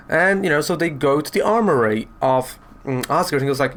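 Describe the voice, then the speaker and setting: A man's voice: a little high, brisk, fairly bright tone. Chatty man reviewing comics. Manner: chatty, rambling with fillers and retellings.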